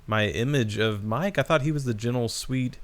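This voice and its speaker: A man's voice: medium pitch, moderate pace. A man guesting on a podcast, giving wry reactions in casual chat.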